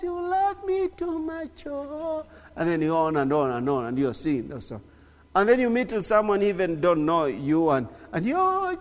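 A man preaching a sermon as a pastor, emphatic and fervent, often laughing between points. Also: on the high side. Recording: long reverb in a hall.

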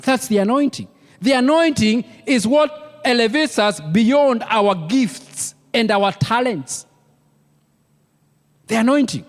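A man's voice: very high-pitched, expressive, takes it slowly, long reverb tail. A man with a Kenyan accent preaching a sermon as pastor, emphatic and repeating key words for weight. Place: church.

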